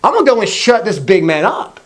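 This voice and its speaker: A man's voice: high-pitched, big pitch swings, fairly quick. A man voicing a bold, fired-up young shepherd hero who talks brash and slangy.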